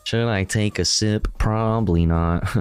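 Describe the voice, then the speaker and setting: A laid-back man with a low voice talks loosely to his viewers, cursing casually and reacting to clips as he goes. His speech is easygoing and unpolished, with faint music in the background. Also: a little slow, smooth. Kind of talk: casual livestream chat.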